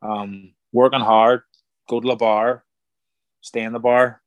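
A middle-aged man, a former boxer turned actor, telling stories in a casual interview, animated and acting out quoted voices. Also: medium pitch, slow, no room sound, highs cut off. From Ireland. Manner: animated, acts out quoted voices, repeats words. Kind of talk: casual conversational storytelling.

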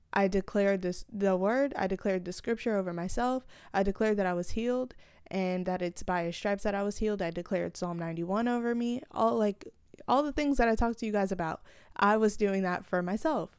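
A woman's voice: mid-range voice, darkish tone, clear, resonant tone, no room sound, studio quality. A woman hosting her own podcast, talking through her faith in a casual, earnest, rambling way with many fillers and restarts. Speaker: podcast host.

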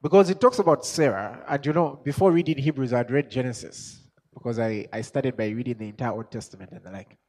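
A man preaching a sermon as an apostle, chuckling and asking himself questions as he builds from quiet musing to shouted exhortation. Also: mid-range voice, fast talker. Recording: long hall reverb.

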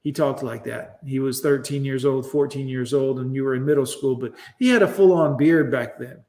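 A man's voice: mid-range voice, moderate pace, mellow, reverberant. A man telling a crude, mocking story to viewers in a casual monologue.

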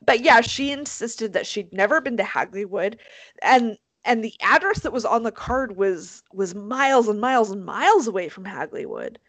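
A woman hosting a casual podcast chat, animated and swearing freely, with lots of fillers. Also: a little high, normal speed, no room sound. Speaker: podcast host.

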